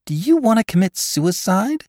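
A man's voice: mid-range voice, sing-song, moderate pace, no room sound, studio quality, voice pushed up. A man voicing an exasperated male onlooker who scolds with incredulous questions, in an audiobook reading. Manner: exasperated, sharply rising questions.

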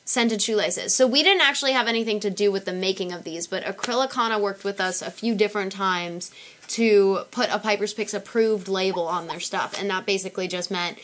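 A woman's voice: mid-range voice, a bit bright. A young woman hosting her own channel, chatting and giggling as she shows old props and outfits. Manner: chatty, giggly, quick asides. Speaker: channel host. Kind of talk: casual show-and-tell of old props.

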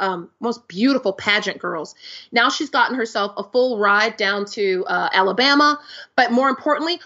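A woman life coach, a guest on an interview podcast, telling client stories in an animated way. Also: fairly high pitch, dull audio. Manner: animated storytelling, acts out client quotes.

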